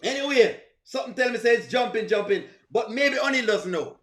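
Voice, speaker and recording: A man's voice: very high-pitched, lively intonation, brisk, fairly bright tone. A man with a Jamaican accent hosting a live reaction stream, teasing and greeting viewers in the chat. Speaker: livestream host. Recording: echoey room.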